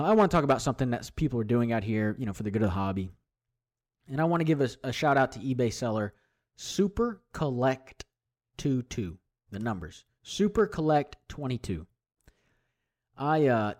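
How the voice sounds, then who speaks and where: A man hosting a solo hobby podcast, talking in a chatty, rambling way with plenty of fillers and restarts. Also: medium pitch. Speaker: podcast host. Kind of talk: casual solo podcast talk.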